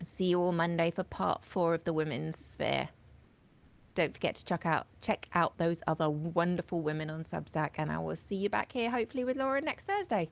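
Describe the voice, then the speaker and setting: A woman's voice: on the low side, brisk, gravelly. A woman hosting a late-night live video café, reading verse with swelling emphasis and signing off with cheerful, blunt swearing. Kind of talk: live-stream chat with poetry reading and prayer.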